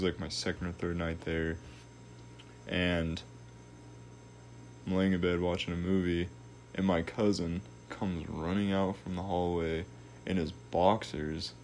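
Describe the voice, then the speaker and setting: A man's voice: low voice, darkish tone, a little hiss or hum. A young man telling a long story in a casual, laid-back way, full of slang and swearing.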